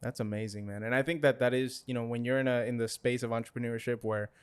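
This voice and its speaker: A man hosts a relaxed podcast conversation, wandering through his thoughts with plenty of fillers and easy laughter. His voice is smooth and resonant, set at an ordinary middle pitch. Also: quick pace. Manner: rambling, filler-heavy, laughs often. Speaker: podcast host. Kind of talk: casual interview chat.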